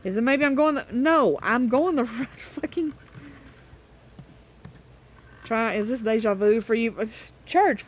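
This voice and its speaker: A woman's voice: fairly high pitch, lively intonation, normal speed. A woman playing a video game and commenting casually, swearing often and scolding her cat between remarks. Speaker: gameplay streamer.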